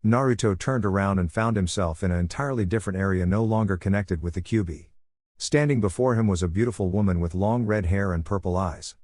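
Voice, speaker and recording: A man narrates a fan-written story aloud, steady and plain. His voice is low and recorded close, with no room sound. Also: a little fast, dry recording.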